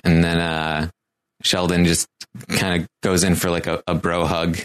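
A man giving a casual show recap, talking in a halting way with many pauses and restarts. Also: sits low, level tone, fairly bright tone, smooth.

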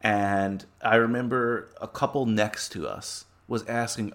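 A man with a fairly low voice co-hosts a podcast in loose, casual chat. He jokes and rambles his way through pretend sponsor pitches. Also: fairly even intonation, measured pace, a bit bright. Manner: jokey, rambling, riffs on mock sponsor plugs. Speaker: podcast co-host.

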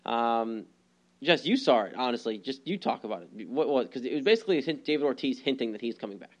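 A man's voice: mid-range voice, expressive, quick pace. Rambling male sports podcast host. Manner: rambling, lots of ums and restarts. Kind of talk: casual sports chat.

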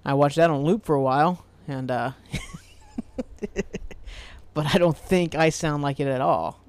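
A man's voice: fairly high pitch, unhurried, smooth. A man from Ohio hosting a casual solo podcast, rambling loosely, swearing freely and laughing at himself. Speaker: podcast host.

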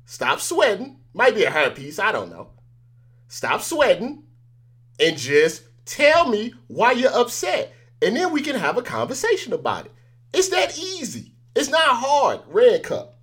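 A man's voice: very high-pitched, wildly swooping pitch, moderate pace, fairly bright tone, slightly rough. A man hosting a news commentary show, talking straight to his viewers in an emphatic, repetitive way and chuckling between points. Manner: addresses viewers directly. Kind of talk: casual on-camera commentary.

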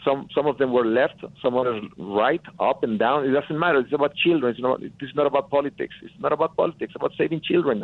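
A man's voice: mid-range voice, no echo. A man from Mexico with a Mexican accent, a guest producer telling his story earnestly, repeating phrases for emphasis. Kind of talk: phone-in interview storytelling. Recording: tinny phone line.

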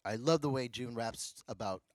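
A middle-aged man co-hosting a casual podcast, easygoing and excitable in his chat. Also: mid-range voice, moderate pace, no room sound, studio quality. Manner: excitable, easygoing, lots of agreeing. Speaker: podcast co-host.

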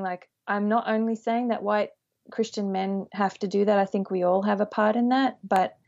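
A woman from Australia talks through her views in a relaxed podcast conversation. She is thoughtful and measured, at a middle pitch. Her audio sounds a bit dull and muffled. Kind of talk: casual podcast discussion.

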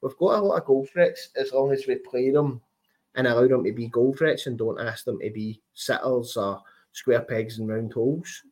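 A man's voice: mid-range voice, moderate pace, darkish tone. A man co-hosting a football podcast, easygoing and thinking aloud in loose phrases. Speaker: podcast co-host. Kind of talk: casual football podcast chat.

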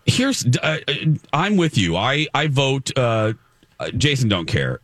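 A man's voice: mid-range voice, very animated, a little slow, a bit bright, no room sound. A man hosting a morning radio show, chatting bluntly with many filler words. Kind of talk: casual radio banter and live ad read.

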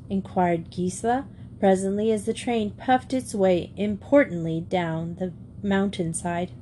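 A woman narrating a classic children's school story in a steady, clear reading voice. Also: mid-range voice, a little slow, a little hiss or hum. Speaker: audiobook reader.

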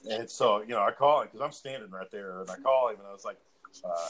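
A man's voice: on the low side, fast, fairly bright tone. A man in casual chat, telling stories in a loose, profane, joking way. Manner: loose, profane, laughing storytelling.

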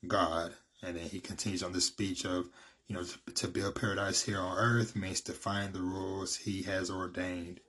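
A man's voice: low voice, little pitch movement, moderate pace, fairly bright tone. A man casually recapping a story, rambling with lots of fillers. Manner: rambling, many fillers like "you know" and "basically". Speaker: manga recap vlogger.

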